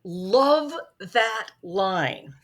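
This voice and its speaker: A woman making her case as prosecutor in a mock film trial, talking animatedly in quick bursts with restarts. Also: mid-range voice, lively intonation. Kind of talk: casual podcast debate.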